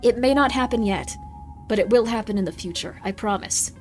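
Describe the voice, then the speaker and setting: A woman's voice: on the high side, brisk, faint music behind. A woman streaming a horror game, chatting in a goofy, rambling way with jokey asides. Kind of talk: casual game-stream commentary.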